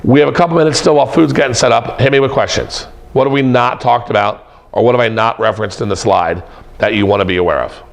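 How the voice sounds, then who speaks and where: A middle-aged professor lectures a room of students, joking as he goes and hammering points home by repeating words. His voice has a gravelly, fry-edged texture, and he lands in a middle register. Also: medium pitch, fast talker. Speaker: professor teaching presentation skills. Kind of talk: lively classroom lecture. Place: classroom with an audience.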